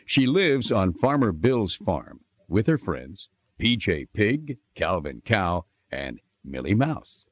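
A man narrating a children's storybook in an expressive, sing-song reading manner. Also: deep voice, takes it slowly, dry recording.

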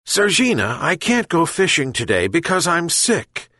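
A man's voice: fairly high pitch, big pitch swings, measured pace, pushed and bright, no echo, pitched above the performer's own voice, full character voice. A man voicing a kind, sick old fisherman who calls and pleads with his pets. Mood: calling. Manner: calling out, pleading.

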